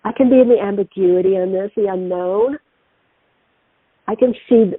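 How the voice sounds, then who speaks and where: A middle-aged woman hosting a spiritual radio talk show, telling stories in an animated way. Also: mid-range voice, moderate pace, long pauses, breathy edge, no room sound. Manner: animated, acts out quoted voices. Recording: tinny phone-line sound, dry.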